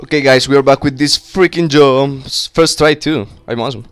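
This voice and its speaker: Young male gamer, excitable and foul-mouthed, smooth clear voice, dry recording. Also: mid-range voice, unhurried, long pauses, no room sound, soft background music. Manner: cursing, excitable, talks to himself. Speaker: gaming YouTuber. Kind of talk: casual let's play commentary.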